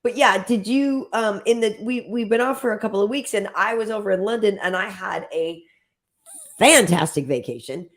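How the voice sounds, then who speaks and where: A woman's voice: mid-range voice, normal speed. A middle-aged woman hosting a casual show, laughing along and steering the conversation back on track. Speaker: host. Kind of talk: casual chat.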